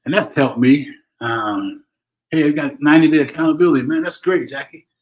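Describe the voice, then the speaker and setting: A man's voice: on the high side, fairly quick, rough recording. A middle-aged man hosting a motivational livestream, talking earnestly and tagging "right?" onto his points. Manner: earnest, preachy, repeats "right?" and restarts. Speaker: host. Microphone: solo livestream from home.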